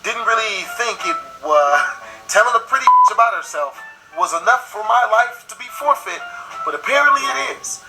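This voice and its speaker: A man's voice: very high voice, moderate pace, loud music behind the voice. A young man telling a comic story in casual slang, acting out the voices of the people in it. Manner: lively, slangy, acts out every voice.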